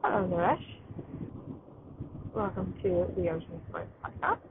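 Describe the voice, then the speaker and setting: A tired, allergy-stricken woman hosting a poetry podcast live, chatting in a rambling, excited way while sitting outdoors. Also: on the low side, unhurried. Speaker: podcast host reading poetry. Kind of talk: casual live-stream chat. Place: outdoors, train in the distance. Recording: tinny phone-like sound, faint outdoor noise.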